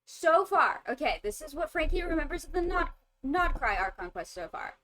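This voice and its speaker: A high-pitched woman streamer chats casually at a moderate pace while playing a game. She's animated, swears, laughs a lot and reacts to her chat.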